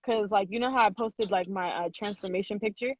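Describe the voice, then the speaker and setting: A woman's voice: medium pitch, a little fast. A young woman hosting a podcast, chatting casually and teasing her guest, laughing often. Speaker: podcast host. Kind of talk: casual chat. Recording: dull lo-fi sound.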